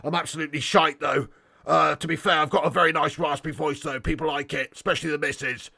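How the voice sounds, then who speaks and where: A man doing a raspy, gruff football manager. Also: on the high side, steady tone, fast, sharp tone, exaggerated voice. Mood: deadpan. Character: gruff raspy middle-aged male football manager impression.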